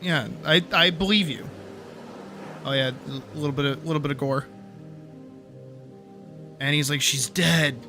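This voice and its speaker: A man streaming live, talking casually and getting wildly animated, swearing freely as he demonstrates his art. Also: fairly high pitch, a little slow, pauses often, soft background music. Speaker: streamer and artist.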